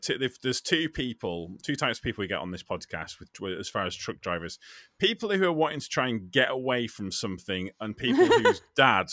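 A man hosting a casual podcast. He talks in an animated way, laughs often and restarts his sentences a lot. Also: mid-range voice, brisk, dry recording, studio quality. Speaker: podcast host.

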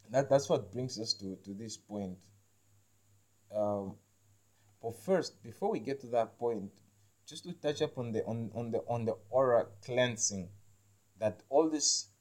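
A man's voice: medium pitch, darkish tone. A man hosting an episode, talking loosely about spiritual healing with lots of restarts and a habit of asking whether you understand him. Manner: halting, repeats words, keeps asking "you understand me?"; slangy, says "man" and "like" a lot. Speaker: podcast host. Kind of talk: rambling spiritual talk.

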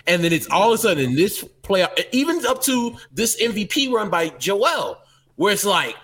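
A man's voice: sits high, moderate pace, breathy edge. A man co-hosting a sports podcast, chatting casually and enthusiastically about basketball. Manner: animated, enthusiastic. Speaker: podcast co-host.

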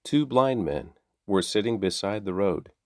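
A man with a low voice reads daily scripture aloud at an unhurried pace. His delivery is steady and measured. The sound is close and dry. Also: no echo. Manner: slow, measured, steady reading. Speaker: Bible reader.

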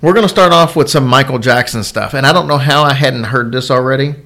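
A man of middle pitch co-hosting a loose chat show. He rambles through stories, jokes along the way and restarts his sentences often. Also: fast, bright, forceful tone. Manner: rambling, joking, many restarts. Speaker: podcast co-host. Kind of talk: casual chat about celebrity stories.

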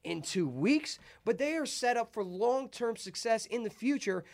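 A young man hosting a casual sports podcast, telling rambling, excited stories with plenty of swearing. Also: very high voice, normal speed. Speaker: podcast host.

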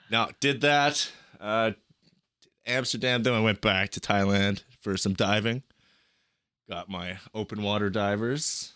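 A young man chatting casually as a podcast guest, telling travel stories in an animated, profane way. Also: on the low side, measured pace, no room sound, clean studio sound. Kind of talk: casual chat.

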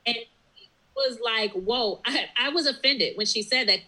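Woman guest, small-business owner; bright, fairly high voice, earnest and reflective. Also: normal speed, poor audio. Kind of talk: interview conversation.

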